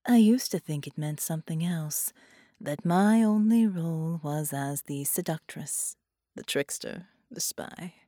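A woman voicing a cruel, seductive woman captor who speaks in a slow, possessive hush. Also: deep voice, no room sound, studio quality. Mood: gloating hush.

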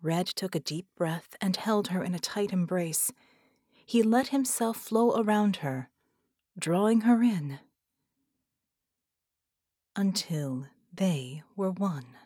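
A woman narrating an audiobook in a measured way, at times dropping into a whisper. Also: medium pitch, dark tone, husky, no room sound, clean studio sound. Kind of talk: scripted narration.

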